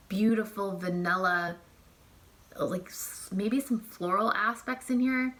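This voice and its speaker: Speaking a little slowly in a medium-pitched voice, a young fragrance reviewer chats casually about perfumes. She's gushing and talkative, leaning heavily on fillers and the word "like."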